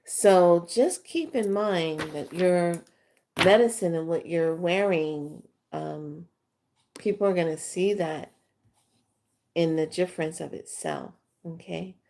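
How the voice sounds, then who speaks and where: A woman's voice: fairly low pitch, slow pace, creaky, darkish tone. A middle-aged woman, a spiritual teacher, telling rambling, chatty stories to her followers with fillers and acted-out quotes. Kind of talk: casual storytelling to followers.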